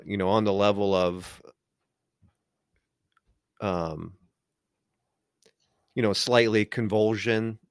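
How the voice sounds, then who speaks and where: Low-voiced man in rambling casual talk. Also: clean tone, dry recording, clean studio sound. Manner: rambling, many filler words. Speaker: podcast co-host. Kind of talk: casual discussion.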